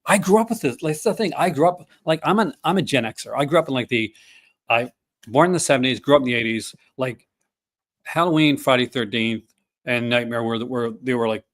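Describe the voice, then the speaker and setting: A man's voice: mid-range voice, brisk, a bit bright. A man in his fifties hosting a casual chat, rambling with many fillers and restarts. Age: 50s. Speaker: podcast host.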